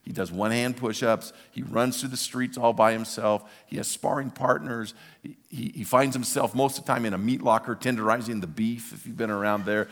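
A man's voice: mid-range voice, steady tone, a little fast, a bit bright, big-room sound. An older man preaching a sermon as a pastor, telling a story with energy and repeating words for emphasis.

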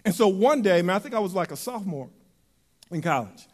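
High-voiced preacher in a reverberant hall. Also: male voice, brisk. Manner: animated, swings from loud to soft and intimate. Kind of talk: sermon.

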